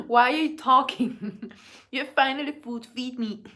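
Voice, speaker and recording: Brief: a greedy, demanding pet begging for food, put on by a woman, loud and whiny, pitched up. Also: measured pace.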